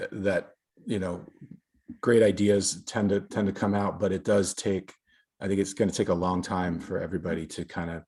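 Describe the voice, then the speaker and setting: Male podcast host, low husky voice, easygoing delivery. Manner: relaxed, loosely phrased. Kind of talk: casual interview conversation.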